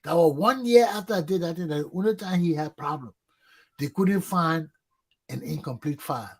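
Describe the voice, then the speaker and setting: A middle-aged man hosting a talk show, telling a long personal story in a casual, animated way and acting out shouted quotes. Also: fairly high pitch, normal speed, slightly rough. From Liberia.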